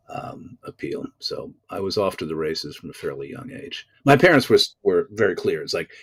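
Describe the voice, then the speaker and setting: Theatrical low-voiced man telling stories. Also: dry recording. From American South. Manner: wordy, theatrical, self-mocking storyteller. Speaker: guest actor. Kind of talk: casual interview storytelling.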